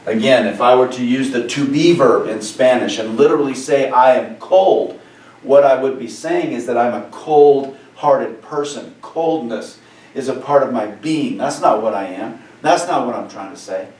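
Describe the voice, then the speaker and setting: A male Spanish teacher giving a lesson, animated and joking, who keeps repeating key phrases and checking with "right?". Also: medium pitch, normal speed, reverberant, recorded from a distance, rough recording. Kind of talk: classroom lesson over a video call. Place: classroom or room with a board.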